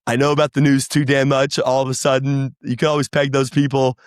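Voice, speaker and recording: A man, chatting casually as a podcast guest, rambling and animated. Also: medium pitch, a little fast, dry recording, studio quality. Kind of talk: casual chat.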